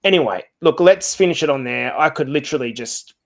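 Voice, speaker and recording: A man's voice: fairly high pitch, animated, fairly quick. A man hosting a casual podcast chat, blunt and swearing freely. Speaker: podcast host.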